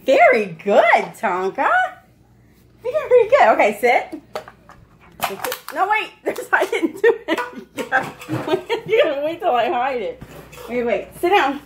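A woman's voice: high voice, very animated, takes it slowly, noisy background. A woman at home playfully giving her dog commands and encouragement during a game. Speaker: dog owner and channel host. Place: at home, at a table.

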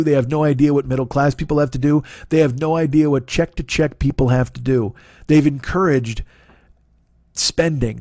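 A man in his forties hosting a podcast, delivering a profane, animated comedic rant and mocking people in put-on quotes. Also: a little high, no echo, studio quality. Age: 40s. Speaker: podcast host. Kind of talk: ranting comedic monologue.

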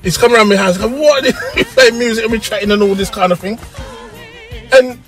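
Animated South London man telling a story. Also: high-pitched, quick pace, faint music behind. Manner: animated, breaks into laughter and acts out voices. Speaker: interview guest, radio pioneer. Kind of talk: casual storytelling.

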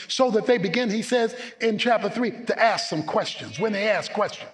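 A man preaching a sermon as pastor, emphatic, swinging between loud declarations and low asides. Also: lively intonation, moderate pace, few pauses, in a large hall.

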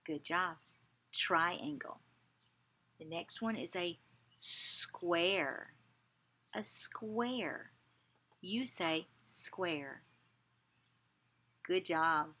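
Slow, breathy woman teaching young children. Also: lowish voice, pushed and bright. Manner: slow, encouraging, repeats words for children to echo. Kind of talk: children's lesson, call and response.

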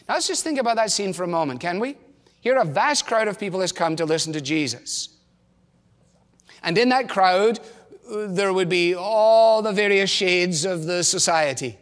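High-voiced preacher in a reverberant church. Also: male voice. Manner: earnest preaching with rhetorical questions to the congregation. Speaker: pastor. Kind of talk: sermon.

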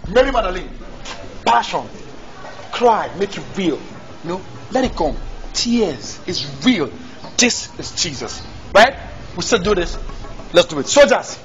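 A man plays a bossy film director in a comedy sketch, barking orders with a high, lively, swooping voice. The lo-fi recording has loud music underneath. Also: unhurried, long pauses. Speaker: comic actor.

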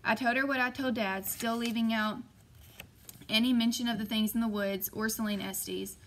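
A woman narrating a first-person novel as an audiobook, steady and measured. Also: a little high, low-quality recording.

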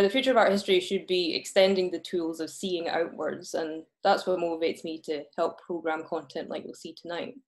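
The voice belongs to an earnest female host with a Scottish accent, leading an online talk over video call. It sits fairly low with a darkish quality, and her unscripted speech includes small restarts.

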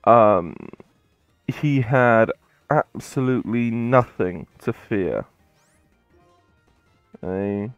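A man's voice: fairly low pitch, expressive, very slow, pauses often, clean tone, no echo, highs cut off, soft background music. A man hosting a game playthrough, retelling a story in a rambling, hesitant way with many fillers. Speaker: let's play host.

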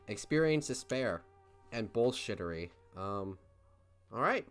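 A young man hosting a let's play, commenting on a game in an excitable, crude, joking way. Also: medium pitch, slow pace, clean tone. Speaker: gaming host.

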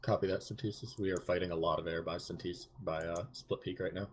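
A man's voice: low-pitched, fairly even intonation, fast talker, slightly rough. A man leading an air squad in an online game, answering orders with clipped, matter-of-fact replies. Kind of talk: terse voice-chat radio replies.

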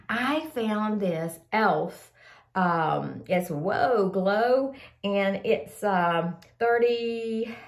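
Older woman, sniffly, rambling casual chat, mid-pitched voice, echoey room. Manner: rambling, chatty, addresses viewers as y'all. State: sniffly with a cold. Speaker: vlogger sharing favorite products.

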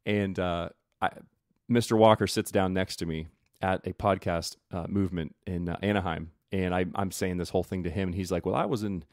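A man's voice: sits low, steady tone, fairly quick, no room sound, clean studio sound. A man hosting a podcast, chatting in an upbeat, rambling way with lots of fillers. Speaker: podcast host. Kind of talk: casual interview chat.

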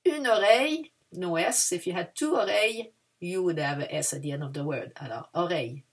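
Woman, husky and a little low, patient children's language teacher. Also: lively intonation, brisk. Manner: patient, switches between English and French. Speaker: French teacher. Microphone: video lesson.

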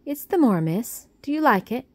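A woman's voice: a little high, big pitch swings, moderate pace, a little mellow, dry recording, pitched above the performer's own voice. A woman voicing a cheerful, plump young Yorkshire housemaid who talks in a friendly, plain-spoken way.

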